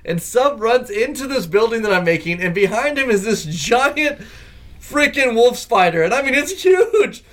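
A man hosting a casual gaming podcast, telling stories in a lively way and laughing often. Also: sits high, normal speed. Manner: animated storyteller who laughs often. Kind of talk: casual chat.

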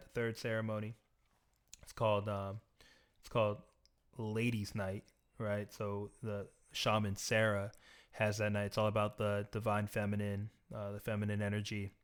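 A young man telling a personal story in a reflective, earnest, soft-spoken way. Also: lowish voice, clear, resonant tone.

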